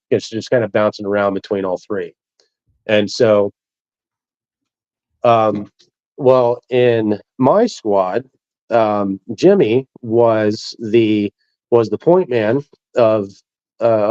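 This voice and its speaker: A male military veteran with a mellow, mid-range voice tells stories in a casual interview, recorded with dull, dry lo-fi sound and no room echo. He's easygoing and chuckles through his anecdotes.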